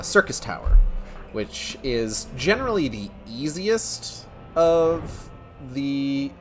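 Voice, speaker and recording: A man streaming a video game, chatting casually and rambling as he plays. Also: fairly low pitch. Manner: chatty, rambling, with fillers and hums.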